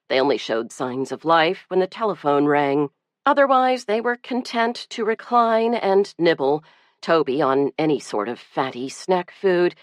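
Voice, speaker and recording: A woman narrating an audiobook in an expressive, lively reading. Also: fairly low pitch, no echo. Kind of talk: scripted narration.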